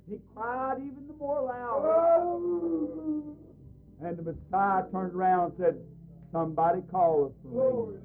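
A man preaching a storytelling sermon, fervent and sometimes rising to shouts. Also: high-pitched, very animated, unhurried, pauses often. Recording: tinny phone-like old tape.

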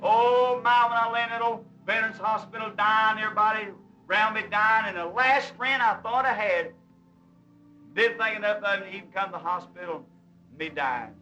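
Fervent high-voiced preacher man. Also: moderate pace, sharp tone, muffled recording. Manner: folksy, fervent Southern-style preaching with vernacular grammar. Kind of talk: sermon with hymn singing. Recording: old recording, voice a bit far from the mic, with music. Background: hymn music.

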